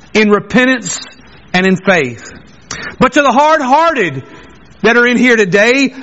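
A man's voice: extremely high pitch, fairly bright tone, dull audio. A man preaching a sermon as pastor, earnest and emphatic, repeating phrases for weight. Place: church sanctuary.

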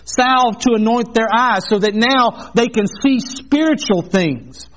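A man's voice: very high-pitched, expressive, measured pace, a bit bright, highs cut off. A man preaching an earnest sermon as a pastor, mixing scripture with a personal story.

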